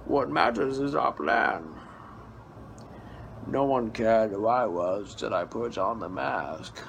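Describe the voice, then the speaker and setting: Man doing a slow muffled masked villain. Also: vocal fry, a bit bright, slight background noise, exaggerated voice. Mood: menacing. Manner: slow, muffled, deep whispering menace. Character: masked male brute villain, cold, imposing.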